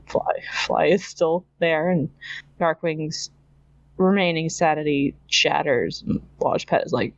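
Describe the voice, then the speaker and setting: A woman's voice: sits low, slow, long pauses, dry recording, lo-fi sound. A woman from Canada hosting a podcast, casually recapping a cartoon episode, laughing often and imitating characters as she quotes them. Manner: chatty, laughs often, mimics characters when quoting. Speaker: podcast host.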